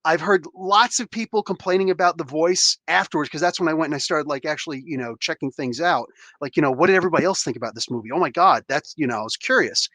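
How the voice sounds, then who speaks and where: A podcast host talking in a casual chat, a man whose voice sits a little high for a man. He gets worked up and rambles, with many restarts. The recording is close and dry, with no room sound. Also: a bit bright, dry recording.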